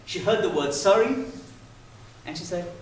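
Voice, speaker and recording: A man in his thirties giving a prepared contest speech in playful, animated storytelling. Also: high-pitched, normal speed, slight background noise. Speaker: contest speaker. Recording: echoey hall, mic far off.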